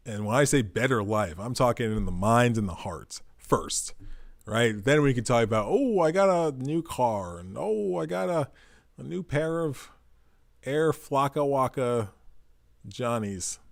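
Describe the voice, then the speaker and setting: A man's voice: on the low side, no echo, studio quality. A man talking in a rambling, profane monologue with jokey asides, as the host of his own show. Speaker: podcast host. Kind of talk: casual monologue.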